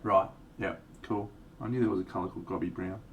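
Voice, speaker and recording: Speaking quickly in a low voice, a man chats through a live stream while painting miniatures and describing the colours he uses. His easygoing, meandering talk pokes fun at himself now and then. A faraway microphone picks up faint background noise.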